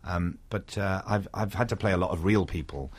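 A man's voice: low-pitched, moderate pace, husky. A middle-aged man from Wales with a Welsh accent, an actor talking thoughtfully in an interview, with frequent restarts. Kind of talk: reflective interview conversation.

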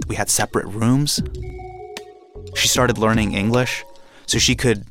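A young man from India telling a personal story in a lively, animated way, acting out the quotes. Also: on the low side, unhurried, soft background music.

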